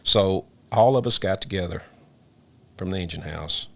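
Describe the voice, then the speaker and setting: This is an older man, a retired firefighter looking back in a sit-down interview. His voice sits very low with a rough, gravelly edge. He talks in halting bursts, repeating and restarting words as emotion breaks through. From Memphis, Tennessee, US. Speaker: retired fire lieutenant.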